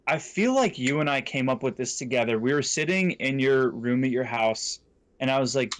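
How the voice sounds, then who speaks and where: A young man with an average-pitched voice, chatting on a casual podcast. He keeps things playful and teasing and is eager to cut in with a joke. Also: brisk. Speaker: podcast co-host.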